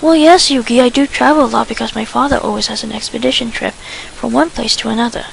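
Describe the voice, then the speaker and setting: A woman's voice: a little high, fast, gravelly, slight background noise, rough recording. A woman voicing a shy, polite teenage boy from London who speaks hesitantly and stammers. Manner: hesitant, soft-spoken, stammering.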